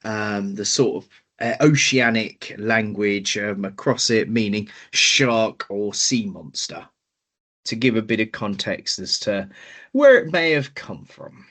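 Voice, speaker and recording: A man's voice: on the low side, slow pace, fairly bright tone. A man co-hosting a podcast, explaining a legend in casual chat with lots of hesitant ums. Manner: hesitant, many ums while explaining research. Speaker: podcast co-host.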